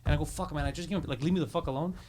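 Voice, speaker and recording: A man's voice: a little high, very fast, a little mellow. A man co-hosting a casual podcast, telling brash, profane stories about his school days. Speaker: podcast co-host. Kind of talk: casual chat.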